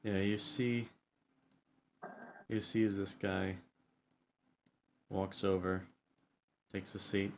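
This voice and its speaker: A man narrating a tabletop game as dungeon master, halting and repeating words as he describes scenes. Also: sits low, level tone, creaky, slight background noise.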